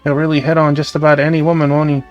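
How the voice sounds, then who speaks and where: A man streaming a game, reading the dialogue aloud in a casual, brisk way. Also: a little high, little pitch movement, muffled recording, soft background music. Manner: casual, brisk, reads every part.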